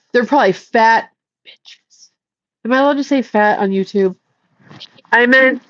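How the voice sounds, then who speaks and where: A woman's voice: a little high, dry recording, dull audio. A woman hosting a casual livestream, rambling and joking with viewers, swearing freely. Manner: profane, rambling, jokey. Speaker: livestream host.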